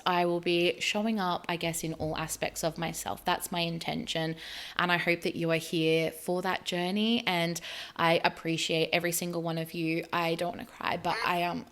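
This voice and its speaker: Australian woman, 30s, chatty vlogger, a touch low in pitch, rambly and warm-hearted pacing. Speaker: spiritual vlogger. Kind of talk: casual chat to camera.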